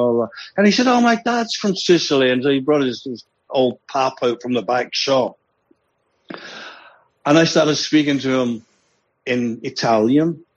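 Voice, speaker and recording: An older man with a Glaswegian accent talks in a husky voice, wandering through anecdotes and chuckling at himself. The recording sounds dull and lo-fi. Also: medium pitch. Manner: rambling, anecdotal, chuckles often, self-deprecating. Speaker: musician guest. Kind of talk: casual interview talk.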